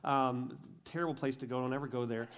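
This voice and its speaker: A pastor from Michigan preaching a sermon, telling stories and acting out the dialogue, building to emphatic peaks and then dropping to quiet intensity. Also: male voice, medium pitch, steady tone, a little fast, smooth.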